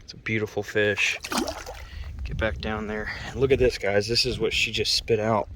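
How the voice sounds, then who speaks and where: A man vlogging as he fishes a creek outdoors, excitedly talking to the fish he catches. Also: lowish voice, normal speed. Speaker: fishing vlogger. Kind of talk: casual outdoor commentary. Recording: outdoor camera audio with water noise. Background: running water and outdoor noise.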